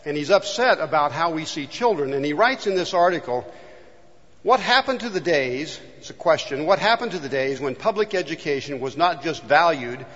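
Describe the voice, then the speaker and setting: A man's voice: a little high, animated, normal speed, fairly bright tone. A man from California preaching a sermon, earnestly asking the congregation rhetorical questions. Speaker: pastor. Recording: dull, long reverb in a hall.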